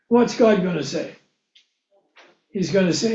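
A man with a high voice delivers a slow, unhurried sermon, posing questions to his listeners and answering them himself. The recording sounds dull and lo-fi, and his voice rings in a roomy, echoey space. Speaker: preacher. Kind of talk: sermon, Bible teaching.

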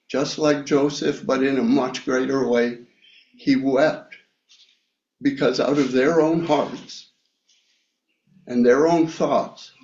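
A man gives a slow, reflective sermon, pausing often and filling gaps with small hesitations. His voice sits at a middle pitch. It rings in an echoey room, and the sound is a bit dull. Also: a little mellow. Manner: slow, reflective, with frequent pauses and fillers. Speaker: preacher. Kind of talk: sermon, Bible reading and personal story.

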